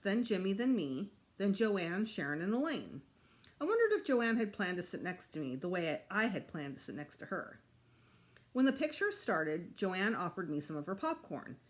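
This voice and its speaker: A woman teacher reading a children's chapter book aloud to her students in an expressive way. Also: fairly low pitch, moderate pace. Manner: expressive, animated.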